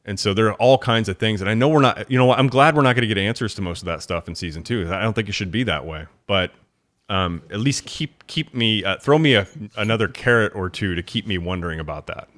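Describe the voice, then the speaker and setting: A man's voice: on the low side, fast talker. A man co-hosting a podcast, chatting casually and animatedly, often stammering and restarting as he talks. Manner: animated, self-correcting, stammers on repeats. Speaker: podcast co-host. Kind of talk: casual chat.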